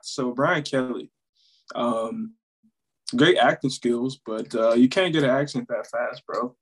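A man's voice: mid-range voice, unhurried, slightly rough. A man co-hosting a casual sports podcast, reacting with jokey disbelief. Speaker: podcast co-host.

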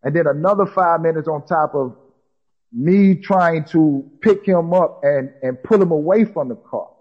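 A man's voice: fairly high pitch, moderate pace, slightly rough, muffled recording. A man telling a personal story in casual talk, repeating himself and acting out what people said. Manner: repetitive, acts out quoted dialogue.

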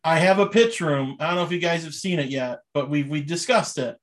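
Joking young guy, slightly high voice. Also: brisk. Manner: laughs often, joking and loose. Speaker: podcast co-host. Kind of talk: casual sports and movie chat.

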